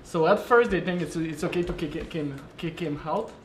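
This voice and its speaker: High-voiced man hosting a design stream. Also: moderate pace, echoey room, slight background noise. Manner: thinks aloud, laughs often. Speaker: game developer and stream host. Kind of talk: live-stream design brainstorming.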